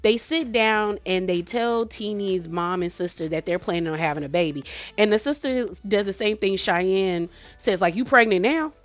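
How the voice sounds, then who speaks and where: A young woman giving a casual, animated recap of a reality show. She laughs often and acts out the lines she quotes. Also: medium pitch, normal speed, dry recording, faint music behind. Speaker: reality TV reviewer.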